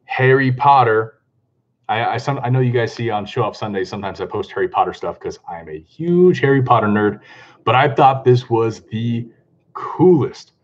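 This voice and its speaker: A man chatting casually on a live stream, excitable and talkative, greeting viewers and laughing often. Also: mid-range voice, normal speed, dull audio. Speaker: comic book vlogger hosting a live stream.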